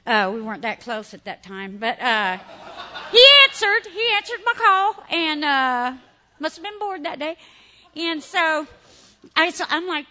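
Bright, high-pitched woman telling her story. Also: a little slow. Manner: candid, animated, laughs often. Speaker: speaker sharing recovery story. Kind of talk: personal testimony to an audience.

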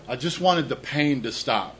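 Speaking to an audience about his recovery, a middle-aged man uses a mid-range, expressive voice at normal speed. He's candid and self-deprecating and tends to repeat words as he starts a thought, all on a low-quality recording.

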